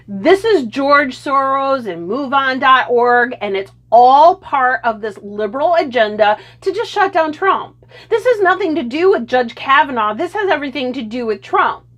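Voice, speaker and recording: High-pitched woman ranting sarcastically. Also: a bit bright. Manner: indignant, sarcastic, lecturing. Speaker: political commentator. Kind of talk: opinion rant to camera.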